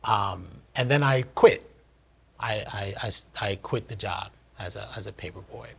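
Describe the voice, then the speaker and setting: Earnest husky-voiced man telling a story. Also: fairly low pitch, normal speed. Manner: earnest, candid, reflective. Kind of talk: personal story told in one take.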